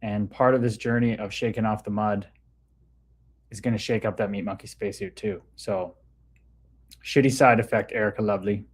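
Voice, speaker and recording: A man's voice: lowish voice, fairly even intonation, moderate pace, breathy edge. A man hosting a livestream in a casual, laid-back way, talking about spirituality and greeting viewers by name as he reads their comments. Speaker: livestream host.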